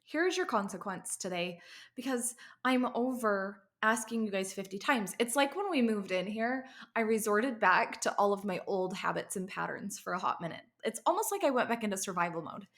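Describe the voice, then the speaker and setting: A woman's voice: medium pitch, animated, moderate pace, a bit bright. A woman in her thirties gives a casual pep talk to other parents, her voice sitting in an ordinary middle register. She tells her story in a chatty way, full of asides. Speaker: parenting podcast host.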